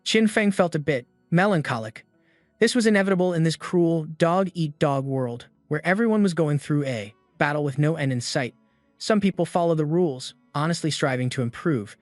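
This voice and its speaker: A man's voice: fairly high pitch, lively intonation, moderate pace, no room sound. A man steadily reading a scripted story recap. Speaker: narrator. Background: faint background music.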